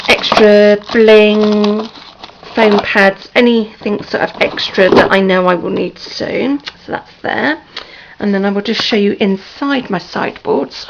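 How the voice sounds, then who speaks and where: A woman with a hoarse, sore-throated voice gives a slow, hesitant, apologetic tour of her room, with many ums. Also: medium pitch. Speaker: crafting vlogger. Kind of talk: casual room tour vlog. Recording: dull lo-fi home video with faint noise.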